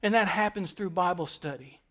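Man, pastor, high voice, sermon, emphatic repetition, soft then loud. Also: normal speed. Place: church.

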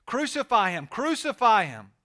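A man reading the lines of an angry crowd of priests, loud and insistent. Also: sits high, big pitch swings, normal speed, voice pushed up.

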